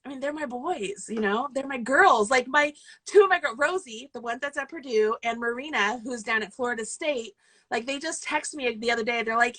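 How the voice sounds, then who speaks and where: Woman, 40s, bright and slightly high voice, emotional, rambling casual chat. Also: fairly quick, rough recording. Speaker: guest host, yarn business owner and throwing coach.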